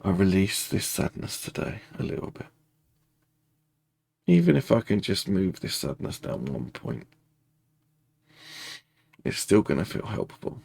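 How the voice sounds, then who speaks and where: A man guides a tapping meditation in a heavily gravelly, husky voice, recorded close and dry. He speaks in slow, repetitive first-person affirmations. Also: low voice, huge pitch swings, a little mellow, no echo.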